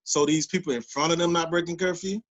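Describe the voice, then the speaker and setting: A man, co-hosting a podcast and telling a personal story in a casual, animated way, loudly acting out the voices of the people he quotes. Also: fairly high pitch, fast talker, poor audio. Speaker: podcast co-host.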